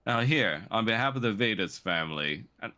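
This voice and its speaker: A man's voice: fairly low pitch, lively intonation, a little fast, bright, forceful tone, pitched above the performer's own voice. A man playing a pompous courteous nobleman. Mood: hearty. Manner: stuffy, overly formal, stammering niceties. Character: polite, pompous male noble, fussily courteous.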